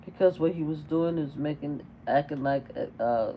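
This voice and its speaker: A woman's voice: sits low, normal speed, dull audio, a little hiss or hum. A middle-aged woman hosting a casual reaction livestream, chatting and firing off exasperated, repeated rhetorical questions. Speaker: livestream commentator.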